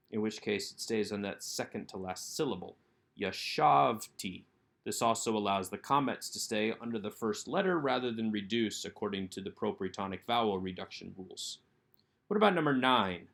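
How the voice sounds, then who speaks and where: A man teaching Biblical Hebrew grammar in a recorded workbook lesson, explaining step by step and slowing down to sound out each word. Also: on the low side, a bit bright. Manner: methodical, slows down to sound out Hebrew words. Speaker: Hebrew instructor.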